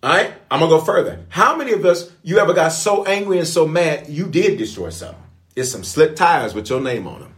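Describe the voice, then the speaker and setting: Preacher guy, kinda high voice, super lively, keeps asking the room to be honest. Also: a little fast. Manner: call-and-response, animated, playful. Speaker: pastor. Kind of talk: lively sermon.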